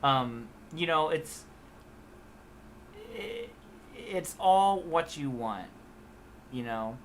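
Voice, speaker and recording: A man's voice: on the high side, drawn-out words, a little hiss or hum. A young man hosting a live guitar stream, rambling casually and reading viewer comments aloud. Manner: rambling, relaxed, reads chat comments aloud. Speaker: guitar channel host.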